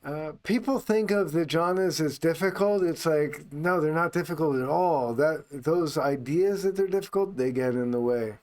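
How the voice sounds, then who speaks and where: A man teaching meditation in an unscripted talk, speaking calmly and unhurriedly, only on the out-breath. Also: a little high, normal speed, few pauses.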